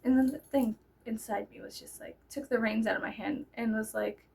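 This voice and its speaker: High gravelly woman, kinda husky, telling a wild story all animated. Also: a little fast. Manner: animated, bursts into loud laughing shouts. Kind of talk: casual storytelling.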